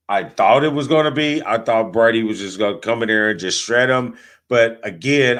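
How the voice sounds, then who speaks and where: Reading sponsor plugs between bits of football talk, this sports podcast host keeps things casual, jokey and full of trash talk. His voice is lowish and a bit bright.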